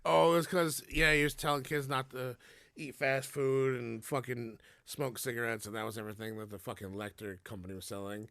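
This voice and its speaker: A man's voice: medium pitch, steady tone, vocal fry, a bit bright, no echo. A man co-hosting a podcast, casually chatting about a movie, swearing and laughing a lot. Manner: profane, laughs constantly, slow drawl. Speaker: podcast co-host. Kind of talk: casual movie recap chat.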